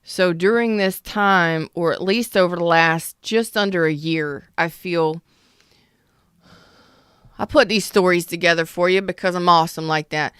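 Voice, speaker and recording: Blunt, low-voiced woman tarot reader. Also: steady tone, moderate pace, hardly any pauses, a bit bright, smooth, no room sound, studio quality. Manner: blunt, swears freely, emphatic. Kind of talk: casual tarot reading.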